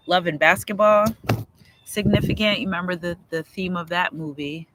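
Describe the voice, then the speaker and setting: Bright high-voiced man doing chatty card readings. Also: fairly quick, rough recording. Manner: chatty, repetitive, breaks into sung lyrics, gets emotional. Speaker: tarot reader. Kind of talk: casual livestream card reading. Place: outdoors near trees and a road.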